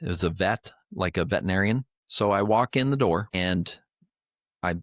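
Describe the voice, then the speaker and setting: An older man with a low voice co-hosts a podcast, sharing a personal faith story earnestly and emotionally at a normal speed. It's a heartfelt storytelling chat, recorded dry with studio quality.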